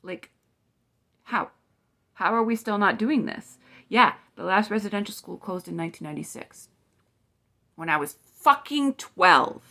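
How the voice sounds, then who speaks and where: A woman's voice: medium pitch, expressive, measured pace, pauses often, bright, forceful tone. Indignant, profane woman in her forties. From Canada. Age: 40s. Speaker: vlogger. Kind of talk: heated political rant to camera.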